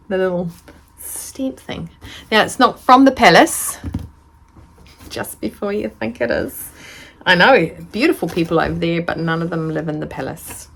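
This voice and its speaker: A woman's voice: lowish voice, lively intonation, unhurried, creaky, a bit bright, slight background noise. A woman from New Zealand chatting casually while unboxing a parcel in a sewing vlog, rambling and easily delighted. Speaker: sewing vlogger.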